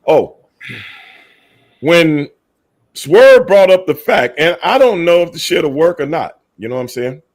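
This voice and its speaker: Podcast co-host, male, pitched a bit high, forceful, repeats himself, swears freely. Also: sing-song, measured pace, pauses often. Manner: emphatic, profane, repeats points. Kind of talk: casual podcast debate.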